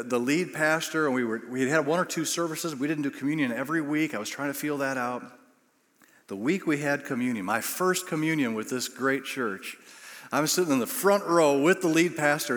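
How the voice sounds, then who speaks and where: A man's voice: mid-range voice, fairly bright tone. A middle-aged man preaching a sermon, telling self-deprecating stories and acting out the quotes. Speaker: pastor. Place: large church auditorium. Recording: long hall reverb.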